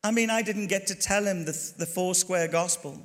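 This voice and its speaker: An Irish man telling a story during his sermon as a pastor, chatty and animated, talking straight to the congregation. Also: high-pitched, normal speed. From Ireland. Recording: long hall reverb.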